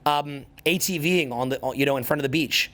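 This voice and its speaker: A man's voice: mid-range voice, brisk, heavy background noise. A man in his forties giving a motivational talk to an audience, intense and profane, driving his points home by repeating them. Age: 40s. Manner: profane, intense and emphatic, hammering points through repetition. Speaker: social skills coach.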